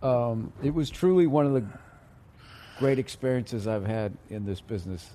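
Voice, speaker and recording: A man's voice: mid-range voice, expressive, normal speed, dark tone, a little hiss or hum. A middle-aged man with a Boston accent, a guest comedian chatting on a podcast, rambling through stories and swearing freely. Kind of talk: casual podcast chat.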